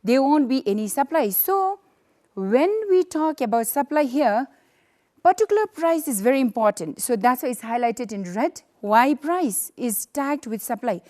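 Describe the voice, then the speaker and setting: Female teacher from Bhutan, high pitch, patient lesson delivery with repeated fillers. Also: expressive, a little mellow. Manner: explains slowly with many fillers and repetitions. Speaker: economics teacher. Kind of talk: recorded classroom lesson.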